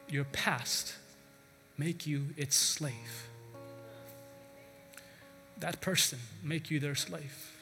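Male pastor, emphatic sermon, high bright voice, in a reverberant church hall with faint music. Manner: earnest, emphatic, storytelling.

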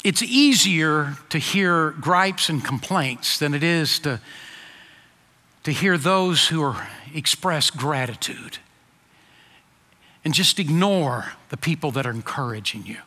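A man preaching a sermon in an earnest voice that swings from emphatic peaks to quiet low asides. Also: lively intonation, slow. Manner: earnest, rising to emphatic then dropping soft. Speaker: pastor. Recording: long hall reverb.

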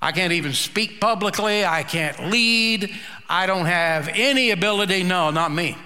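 A man's voice: sits high, moderate pace, pushed and bright, long reverb tail. A male preacher voicing an anxious, reluctant man who pleads in a raised voice. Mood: pleading.

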